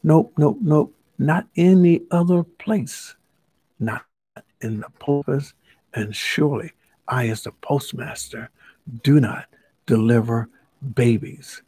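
A man's voice: medium pitch, slow, dark tone, breathy edge, no room sound. A man voicing a talkative, proud male stork postmaster in a children's storybook, reeling off rhyming lists. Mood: insistent. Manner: chatty, lists things in rhymes.

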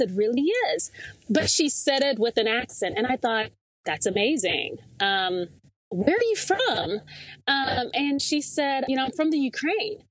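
A woman from the American South, a podcast interview guest, telling a personal story with lively acted-out dialogue. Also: high voice, no echo, poor audio. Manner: animated storyteller, acts out quoted dialogue.

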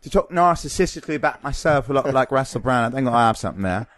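Male comic guest, young adult, animated storyteller, mid pitch, dry close sound. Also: quick pace, no echo. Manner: animated storyteller who slips into impressions. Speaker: comedian guest. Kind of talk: casual podcast chat.

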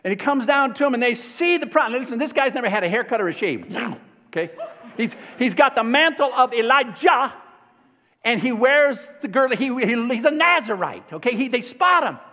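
A male preacher telling a Bible story in a sermon, lively and folksy, often asking the congregation questions. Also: extremely high pitch, a little fast, long reverb tail, slight background noise. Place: church sanctuary.

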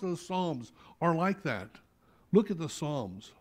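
A middle-aged male pastor delivering a Sunday sermon, his voice sitting a little high for a man. He preaches animatedly, swinging between loud, pressing appeals and quiet, intimate asides. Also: takes it slowly. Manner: animated preaching with sudden soft drops. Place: church sanctuary.

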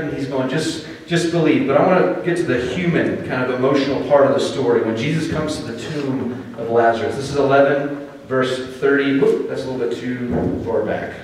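An American man preaching a sermon as pastor, telling the story in a conversational, animated way with dramatic pauses. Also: on the high side. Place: church sanctuary. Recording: echoey hall, distant mic.

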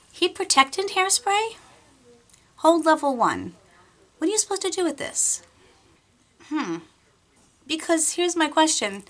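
A middle-aged woman vlogging casually as she unboxes a beauty box, chatty, excitable and rambling. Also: on the high side.

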